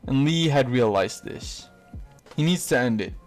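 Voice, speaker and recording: A man's voice: medium pitch, animated, a little slow, soft background music. A man narrating a fan-made story in a casual, rambling way, with fillers and self-corrections.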